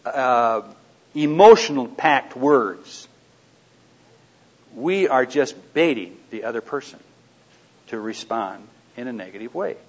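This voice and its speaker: Man, seminar speaker, live audience, conversational, rhetorical questions, quiet asides, lo-fi recording. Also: medium pitch. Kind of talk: anecdotal teaching to a live audience. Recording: dull lo-fi recording.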